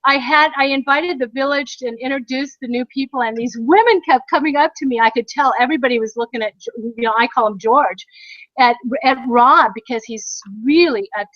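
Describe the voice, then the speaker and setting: A high-pitched middle-aged American woman tells a long story in a chatty way, laughing often. Her voice comes across dry and a little dull, like a lo-fi recording. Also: fairly quick, fairly bright tone, no room sound. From United States. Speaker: podcast co-host. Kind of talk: casual chat.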